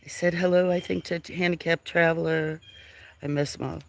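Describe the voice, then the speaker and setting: A man hosts a casual outdoor farm livestream, with birds audible in the background. His voice is a little high, creaky, and flat, at normal speed. Sniffling a little, he rambles in a friendly way, reading viewers' names aloud from chat and sometimes dropping to a whisper.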